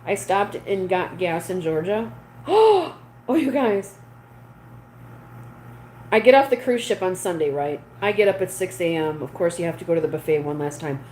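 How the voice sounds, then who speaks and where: Chatting with viewers and reading out their comments, a livestream host speaks in a lowish, slightly mellow voice with lively intonation at a moderate pace. The low-quality recording has slight background noise.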